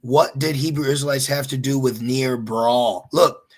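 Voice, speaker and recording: A man teaching his listeners informally while searching online, animated and exhorting, repeatedly checking with "okay?". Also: mid-range voice, unhurried. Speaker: religious teacher.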